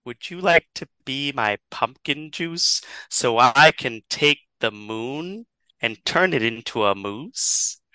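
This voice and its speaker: A man's voice: medium pitch, expressive, slow pace, sharp tone, clear, resonant tone, dry recording, rough recording. A man voicing a smug alien cat woman. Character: scheming alien woman who turns into a cat.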